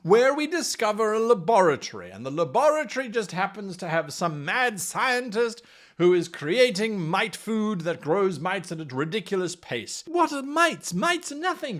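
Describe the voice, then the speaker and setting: A man giving game master advice in an enthusiastic, animated manner, playfully acting out players and slipping into accents. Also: high-pitched.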